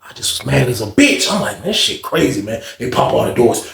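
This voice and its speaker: A man telling a story in a casual way, acting out what others said with lively shifts. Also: mid-range voice, fairly quick, gravelly, reverberant. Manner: animated retelling, acting out others' lines.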